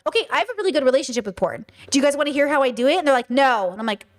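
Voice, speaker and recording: A woman hosts a podcast in a casual monologue, animated and blunt, swearing freely and often restarting her sentences. Her voice is high-pitched and she talks at a racing speed.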